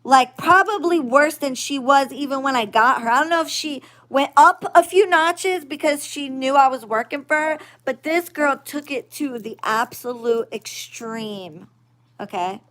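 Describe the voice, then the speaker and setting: A woman's voice: sits high, measured pace, fairly bright tone. A woman who works as a witch and spiritual reader, venting in a vlog in a blunt, profane, emphatic way and keeping on asking "okay?".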